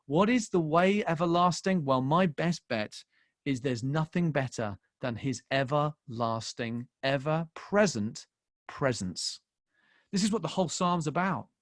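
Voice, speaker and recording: A pastor in his forties delivers an impassioned sermon in a fairly high voice. He moves from quiet, tender storytelling to forceful emphasis. The sound is close and dry. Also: animated, unhurried, no echo. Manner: impassioned, shifting between hushed and loud emphasis. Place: church.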